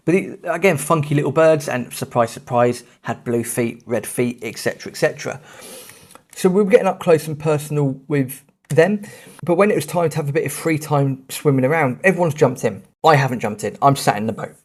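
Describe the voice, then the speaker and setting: A man, hosting a podcast and telling a travel story in a lively, self-mocking, casual way. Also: fairly high pitch, fairly quick. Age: 30s. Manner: animated, self-mocking anecdote telling with swearing. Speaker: podcast host.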